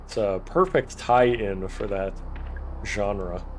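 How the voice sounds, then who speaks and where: A man's voice: on the low side, takes it slowly, a little hiss or hum. A man streaming a horror game, joking casually and reading in-game text aloud as he plays. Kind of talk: casual let's-play commentary. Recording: game music behind voice.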